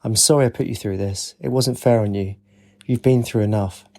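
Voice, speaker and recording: A man's voice: lowish voice, steady tone, moderate pace, gravelly, dark tone. A man voicing a tired young woman student in an audiobook, teasing and lightly sarcastic.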